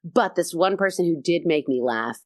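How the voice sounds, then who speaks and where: A woman comedian chatting as a podcast guest, telling animated stories and acting out quotes, swearing freely. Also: on the low side, moderate pace, no room sound, clean studio sound. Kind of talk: casual podcast chat.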